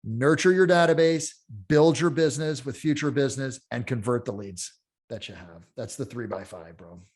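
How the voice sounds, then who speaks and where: Middle-aged male real estate coach, mid-pitched, energetic storyteller who swears and acts out quotes in a casual chat. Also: moderate pace.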